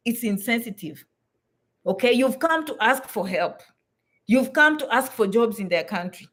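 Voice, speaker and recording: A high-pitched woman speaks straight to her viewers. She is blunt and emphatic, and she drives each point home by saying it again. Her tone is that of a vlogger handing out frank advice. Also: animated, moderate pace. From Africa. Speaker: vlogger giving advice to immigrants. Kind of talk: direct-to-camera advice talk.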